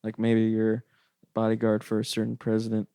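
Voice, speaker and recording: Halting, musing male podcast guest. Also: lowish voice, monotone, warm tone, smooth, no echo, clean studio sound. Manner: halting, musing, repeats words. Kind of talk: casual comedy chat.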